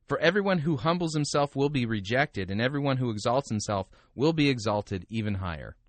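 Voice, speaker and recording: A man's voice: mid-range voice, animated, fairly quick, no room sound, close to an everyday voice. A man doing a grinning Texan megachurch preacher. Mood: smug cheer. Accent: Texas drawl, put on. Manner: grinning, upbeat sing-song delivery. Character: smiling, self-satisfied male megachurch preacher.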